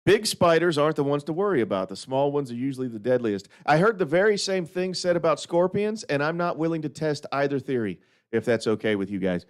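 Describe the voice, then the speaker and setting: A man's voice: on the high side, sing-song, a little fast. A man hosting a casual live stream, rambling and laughing often, repeating words as he goes. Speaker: livestream host.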